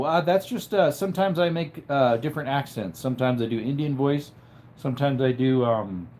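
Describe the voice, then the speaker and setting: This livestream host is tired and has a headache, chatting casually from his bed at home and sleepily reading viewer comments until his words trail off. His tone is darkish, with slight background noise.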